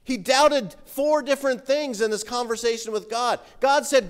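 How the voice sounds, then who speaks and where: A male pastor preaching a sermon, animated as he reads scripture and comments on it. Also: extremely high pitch, unhurried, few pauses, clear, resonant tone. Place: church sanctuary. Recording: reverberant church hall.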